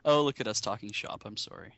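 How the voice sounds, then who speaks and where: Male co-host, relaxed joke-teller, dry close mic, slightly dull audio. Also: lowish voice, fast talker, gravelly, no echo. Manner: storytelling, acts out characters in the joke. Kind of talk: casual chat, telling a joke.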